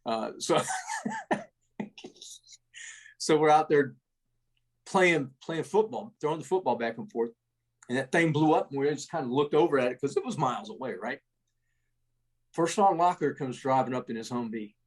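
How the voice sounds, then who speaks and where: A man's voice: medium pitch, normal speed, long pauses, breathy edge. A middle-aged man, an army veteran, telling war stories in a rambling, salty way, full of restarts and tags like "man" and "right?". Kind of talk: casual war storytelling.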